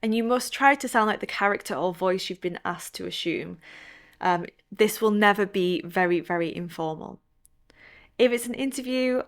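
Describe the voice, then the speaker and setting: A woman teaching English in an online video lesson, friendly and direct, giving clear instructions. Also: medium pitch, a bit bright.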